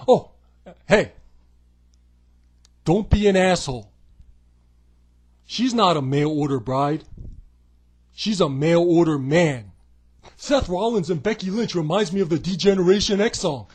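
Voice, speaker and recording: Very high-voiced man in a sarcastic rant. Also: lively intonation, unhurried, pauses often, husky. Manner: sarcastic, profane and mocking; often breaks into shouting. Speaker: wrestling commentary vlogger. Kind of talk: comedic rant.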